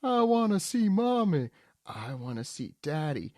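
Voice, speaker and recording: A man voicing a group of scared, whining young kids in a squeaky, plaintive storybook-reading voice. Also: sing-song, a little slow, darkish tone, dry recording, studio quality. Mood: whiny.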